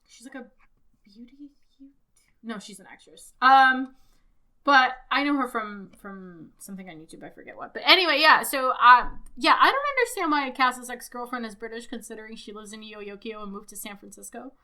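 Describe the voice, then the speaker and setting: Bright-voiced woman podcast co-host. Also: a little high, moderate pace. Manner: animated, profane, self-correcting. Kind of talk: casual chat reviewing a cartoon.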